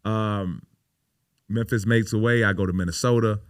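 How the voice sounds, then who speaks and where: In a casual podcast interview, a pro basketball player in his thirties speaks in a lowish, steady voice at normal speed. He tells stories emphatically, swearing a lot and leaning on "you know," captured in clean studio sound without room sound.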